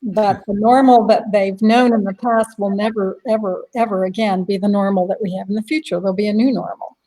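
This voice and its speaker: A woman's voice: medium pitch, steady tone, a little fast, warm tone, poor audio. A woman on a panel who thinks aloud, speaking earnestly. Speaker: panel guest, blogger. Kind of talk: casual panel chat.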